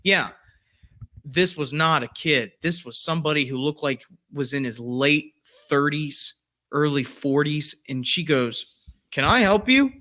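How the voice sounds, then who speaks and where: A man's voice: on the high side, fairly even intonation, measured pace, pushed and bright. A man who hosts a podcast, telling a story casually and rambling, with many fillers and restarts. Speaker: podcast host.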